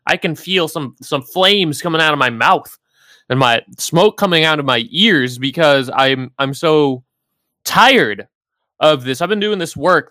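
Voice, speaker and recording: Man, podcast co-host, slow heated rant, bright tone, swearing, dry close mic. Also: mid-range voice, no room sound.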